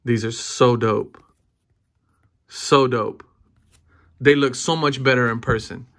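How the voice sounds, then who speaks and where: Cracking open trading card packs, a thirtysomething man chats excitedly and casually, repeating himself a lot and bursting into cheers. His mid-range voice moves at a slow pace.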